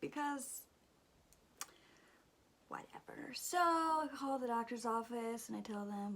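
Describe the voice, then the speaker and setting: Woman, 30s, makeup vlogger: husky, slightly high, chatty and exasperated, with soft near-whispered asides. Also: slow, long pauses. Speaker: beauty vlogger, mother. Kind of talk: casual storytelling during a makeup tutorial.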